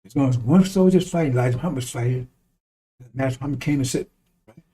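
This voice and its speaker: A man's voice: mid-range voice, fast talker, mellow, breathy edge. A man giving a blunt, profane, preaching-style monologue, repeating lines for emphasis and chuckling between remarks. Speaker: online commentator.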